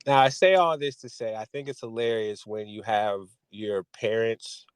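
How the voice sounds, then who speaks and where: A man co-hosting a casual podcast, telling animated stories and acting out quotes in put-on voices. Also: normal speed, clear, resonant tone, no echo. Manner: animated storyteller, acts out quotes with big pitch jumps. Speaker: podcast co-host.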